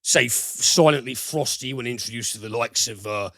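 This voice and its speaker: A man hosting a podcast, retelling a film plot in a casual, halting way full of fillers, with the odd swear word. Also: mid-range voice, bright, forceful tone, no room sound. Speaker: podcast host, film reviewer. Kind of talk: casual film review chat.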